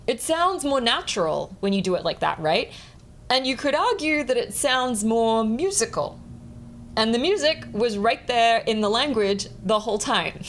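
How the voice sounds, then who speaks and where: A woman composer giving a clear, explanatory lesson, sometimes speaking words slowly to a beat. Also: a little high, animated, slight background noise. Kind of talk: instructional talk on music.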